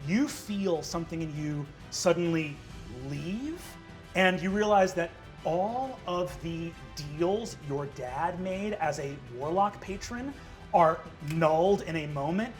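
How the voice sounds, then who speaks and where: A man runs a tabletop fantasy game, narrating scenes quickly and dropping in frequent ums and uhs. His voice sits high, with soft music underneath. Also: expressive. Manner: quick narration with many fillers. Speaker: game master.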